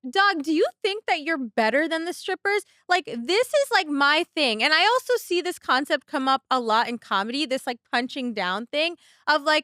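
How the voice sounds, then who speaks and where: A woman's voice: high voice, pushed and bright, no room sound, studio quality. A woman in her thirties, a podcast co-host telling stories in casual chat, blunt and full of swearing. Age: 30s. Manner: blunt, profane storytelling.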